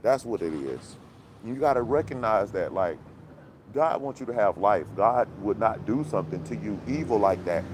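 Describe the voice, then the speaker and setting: A man's voice: lowish voice, expressive, normal speed, noisy background. A man hosting a casual commentary chat, talking in a preachy, conspiratorial, rambling way full of fillers and laughs, recorded outdoors. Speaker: commentary channel host.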